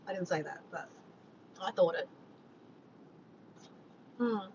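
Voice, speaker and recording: An Australian woman hosts a casual livestream, talking slowly with long pauses in a warm voice. She chats and jokes with viewers and reads their messages aloud, over dull lo-fi audio with a faint rumble.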